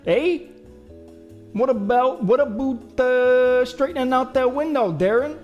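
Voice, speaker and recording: A man's voice: very high-pitched, a little slow, darkish tone, lo-fi sound, faint music behind, pitched above the performer's own voice. A chatty, teasing Canadian fellow, as a man puts him on in a mock Canadian accent, his voice lifted well above his normal talk. He drawls and tags his lines with little "eh"s and "huh"s.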